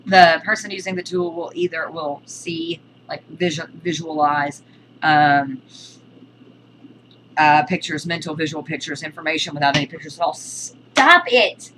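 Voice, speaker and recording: A woman teaching a casual video lesson on witchcraft terms, explaining in a halting, list-like way. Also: low voice, steady tone, noisy background.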